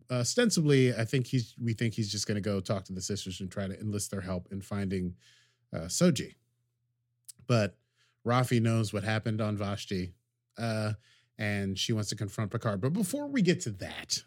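A man's voice: fairly low pitch, animated, normal speed, darkish tone, no room sound, studio quality. A man casually recapping a TV episode as a podcast co-host, rambling and joking as he acts out the characters' lines.

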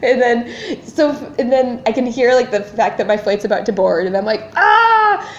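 Animated woman telling a story, echoey. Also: fairly high pitch, a little fast, a little hiss or hum. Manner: animated storyteller, acts out her panic. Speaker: podcast co-host. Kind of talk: casual chat. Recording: echoey room, dull lo-fi sound.

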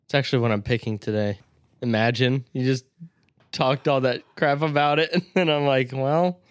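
Laid-back man with a smooth voice. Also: medium pitch, fairly even intonation, normal speed, no room sound, clean studio sound. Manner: laid-back, swears casually, laughs easily. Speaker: podcast co-host. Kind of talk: casual chat.

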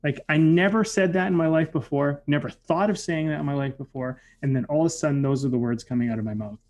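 A man's voice: a little high, quick pace, darkish tone. A man casually telling a personal story, reflective, with lots of "like" and "you know" fillers. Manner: reflective, filler-heavy with frequent "like".

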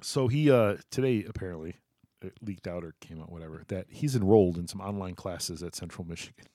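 A man's voice: sits low, a little fast, mellow, no echo, studio quality. A man co-hosting a casual sports talk show, loose and joking, often trailing off and restarting.

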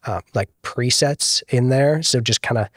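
A man, a guest video producer, explaining things in a relaxed podcast chat with frequent filler words. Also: mid-range voice, unhurried, no echo, clean studio sound. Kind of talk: casual podcast interview.

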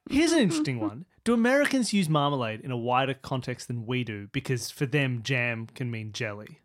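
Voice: mid-range voice, sing-song, brisk. An Australian-accented co-host chatting casually on a podcast, joking and mock-exasperated. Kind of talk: casual chat.

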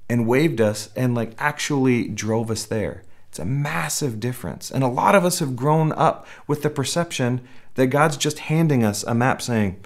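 A man preaching a sermon in a conversational way, often restarting phrases and acting out little quotes. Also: medium pitch. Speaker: pastor.

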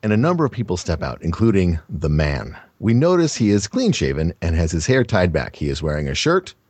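A man's voice: low voice, huge pitch swings, fairly quick, a little mellow, slightly rough, no echo. A man reading a bad script aloud to a group, stumbling over words and correcting himself. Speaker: reader in a group reading game.

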